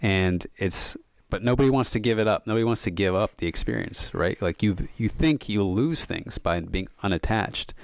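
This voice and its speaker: A man with a very deep voice, recorded close and dry, talks through his ideas as a podcast guest. He tells stories in a loose, thoughtful way, often saying "like" and "um". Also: normal speed, creaky, no echo. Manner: thoughtful, many fillers of "like" and "um". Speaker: podcast guest, yoga and meditation coach. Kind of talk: casual reflective storytelling.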